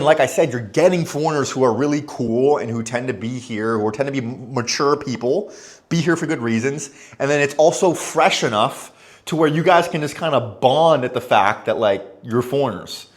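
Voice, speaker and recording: A young man speaks straight to camera in a relaxed, chatty vlog. He sits at an ordinary middle pitch, rambles loosely, and slips into little acted-out exchanges as he goes. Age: young adult. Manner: chatty, loose and conversational, acts out little dialogues. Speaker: expat vlogger. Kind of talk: casual advice vlog.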